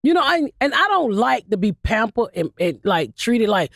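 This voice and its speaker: A woman's voice: on the high side, sing-song, normal speed, vocal fry, no echo, studio quality. A woman comedian in her fifties, a blunt and profane storyteller who laughs through her stories as a guest. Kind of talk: casual interview storytelling.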